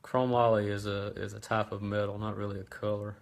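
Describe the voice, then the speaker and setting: A man hosting a casual how-to livestream about engine parts, talking in a relaxed, chatty way with many ums and restarts. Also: on the low side, brisk, vocal fry. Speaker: host of a racing parts livestream.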